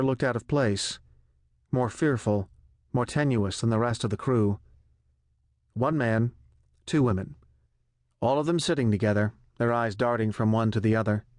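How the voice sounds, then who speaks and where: A male audiobook narrator reading a thriller in a measured, even storytelling manner on a close studio mic. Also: mid-range voice, no room sound.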